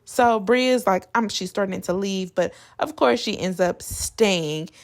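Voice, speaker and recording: Gravelly, chatty woman recapping TV. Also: mid-range voice, unhurried. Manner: chatty, blunt, slangy. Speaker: reality TV recap vlogger. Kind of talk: casual opinionated recap.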